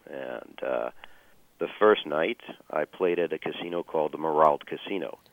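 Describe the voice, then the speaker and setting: A man telling a personal story as a guest, measured and full of fillers and restarts. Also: very deep voice, no room sound, narrow, tinny audio.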